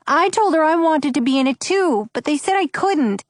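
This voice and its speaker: An anxious eight-year-old boy with a small, quivering voice , put on by a woman reading a storybook. The pitch leaps up and down a lot as he frets, and the sound is dry and close. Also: lively intonation, moderate pace, no echo.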